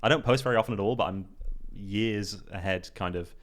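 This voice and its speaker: British man, young adult, low voice, easygoing, self-deprecating, casual podcast guest. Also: a little fast, fairly bright tone. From United Kingdom. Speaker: guest, card counter.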